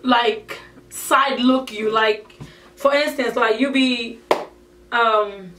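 A woman's voice: a little high, fairly even intonation, very slow, fairly bright tone, a little hiss or hum. A woman vlogger talking casually to camera in an emphatic rant, peppering her talk with "like". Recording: echoey room, mic at a distance.

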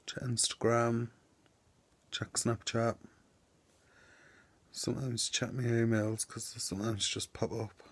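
A man's voice: mid-range voice, flat delivery, slow pace, pauses often, breathy edge. A young man vlogging on a town street into a phone, chatty and self-mocking. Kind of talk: casual vlog chat.

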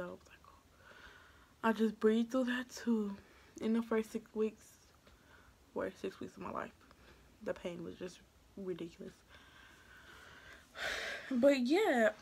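A young woman vlogger tells an animated, casual storytime in a medium-pitched voice, acting out quoted asides and sometimes dropping to a hushed whisper. Slight background noise is audible.

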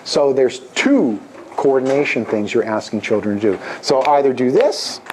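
A man's voice: mid-range voice, normal speed, a little hiss or hum. A middle-aged man, a music education professor, leading an interactive workshop and breaking into sung demonstrations in a workshop room, picked up from a distance. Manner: animated, demonstrates by singing and chanting. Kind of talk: interactive workshop talk with singing.

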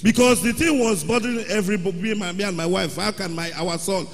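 Excited man giving church testimony. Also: sits high, fast, faint music behind. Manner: excited storytelling, rising to loud exclamations. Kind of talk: testimony at a worship service. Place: large church hall. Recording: long hall reverb.

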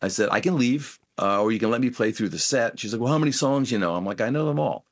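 A man's voice: medium pitch, fast. A middle-aged man telling road stories in a casual interview, acting out the dialogue in each story. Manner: animated anecdotes, acts out quoted dialogue. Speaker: guest musician.

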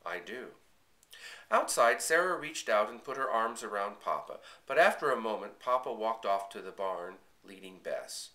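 Male audiobook reader; expressive first-person storybook narration, bright tone. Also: on the low side, normal speed, few pauses. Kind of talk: storybook reading.

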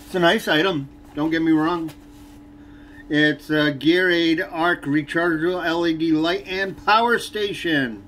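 A man in an unboxing vlog, talking slowly with lots of hesitant pauses. He sounds irritated and complaining as he goes through the items. A faint hum of background noise sits behind his voice. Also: on the high side, a bit bright. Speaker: fishing channel host.

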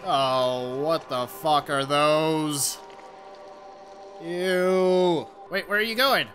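A young man giving profane, jokey commentary while playing a game, with loud reactive outbursts. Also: a little high, drawn-out words, faint music behind. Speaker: let's play gamer. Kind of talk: gameplay commentary.

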